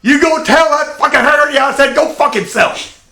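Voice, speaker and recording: An older man voicing a gruff, foul-mouthed burly male sailor in his own gravelly voice. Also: extremely high pitch, moderate pace, bright, forceful tone, reverberant, pitched above the performer's own voice, full character voice. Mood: hostile.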